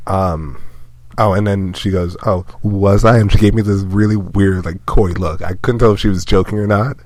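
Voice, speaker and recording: Young man, very low voice, casual podcast chat, rambling anecdote, laughs a lot. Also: steady tone, moderate pace, darkish tone, no echo. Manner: rambling, laughs often, acts out quotes. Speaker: podcast co-host.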